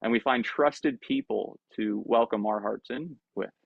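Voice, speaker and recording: A man teaches a dharma talk in a loose, conversational way, often slipping into the voice of his own thoughts. His voice sits in a middle pitch. The recording is dry and a bit muffled, like a video call. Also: a little slow, creaky, no room sound. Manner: conversational, animated, acts out inner voices. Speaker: Buddhist teacher. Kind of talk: dharma talk to an online group.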